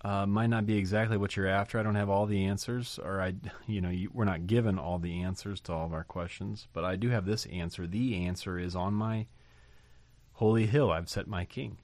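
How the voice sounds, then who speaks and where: A man's voice: deep voice, fairly even intonation, fairly quick, darkish tone, no room sound. A man preaching a sermon, emphatic and full of rhetorical questions, with sudden rising bursts. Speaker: pastor.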